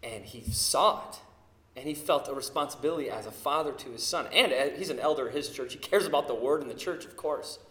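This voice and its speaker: A man in his thirties preaching a sermon, telling family stories with lively acted-out quotes. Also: mid-range voice, brisk, reverberant. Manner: animated storytelling, acting out quotes. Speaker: pastor.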